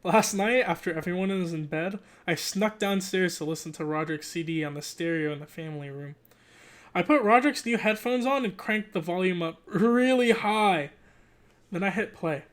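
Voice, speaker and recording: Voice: mid-range voice, normal speed. Casual unpolished storybook reader. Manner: breaks off for joking asides and self-corrections. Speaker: channel host reading aloud. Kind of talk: casual, unedited read-aloud of a children's book.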